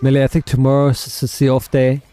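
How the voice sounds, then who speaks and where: A man's voice: medium pitch, monotone, quick pace, dark tone. A South African man hosting a casual game livestream, rambling and answering his chat. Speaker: livestream host and gamer.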